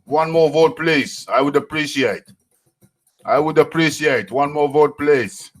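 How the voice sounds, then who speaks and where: A man's voice: fairly high pitch, measured pace, soft background music. A man putting on a German accent to play a jolly, hammy German man pleading for votes. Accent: put-on German.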